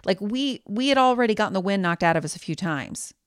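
A woman's voice: mid-range voice, expressive, fast, smooth, no echo, studio quality. A woman hosting her own podcast, giving a candid, reassuring pep talk. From United States. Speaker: podcast host.

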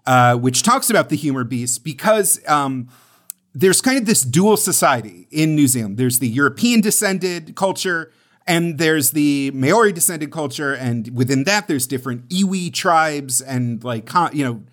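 Rambling man, slightly high voice. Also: expressive, normal speed, fairly bright tone. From United States. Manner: rambling, many fillers and restarts. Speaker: podcast co-host. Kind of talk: casual podcast chat.

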